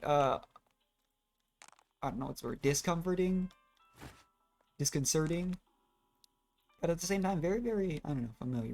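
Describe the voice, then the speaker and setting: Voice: mid-range voice, creaky, a little mellow. A gamer giving casual, rambling commentary while playing, often trailing off and restarting thoughts. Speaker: let's play gamer.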